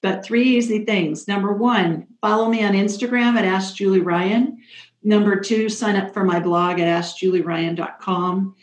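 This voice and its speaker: A woman's voice: mid-range voice, fairly even intonation, moderate pace. Upbeat, chatty female call-in host in a roomy-sounding space. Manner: chatty, upbeat, self-joking. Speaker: radio show host and psychic. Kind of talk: casual call-in show chat. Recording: roomy echo.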